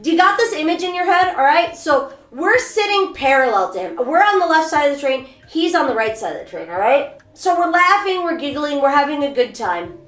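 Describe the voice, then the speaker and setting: A woman streamer telling a story to her chat in a casual, animated, rambling and self-mocking way. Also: high voice, brisk, hardly any pauses, echoey room. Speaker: VTuber streamer. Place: bathroom during a bath.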